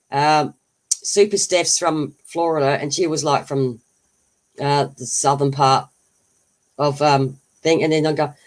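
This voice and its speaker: A livestream host who chats casually, laughs often and answers viewers' comments. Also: mid-range voice. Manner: laughs often, chatty and rambling, answers chat.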